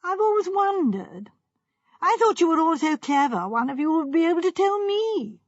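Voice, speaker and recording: A woman's voice: very high voice, sing-song, normal speed, no room sound, pitched above the performer's own voice. A woman voicing a naive, wistful young actress with a plaintive way of talking. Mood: puzzled. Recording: dull lo-fi recording.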